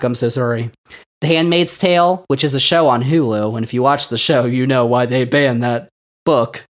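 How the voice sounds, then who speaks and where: A man hosting a podcast who comments on the news in a casual, sarcastic way, with mocking asides. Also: fairly high pitch. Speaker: podcast host.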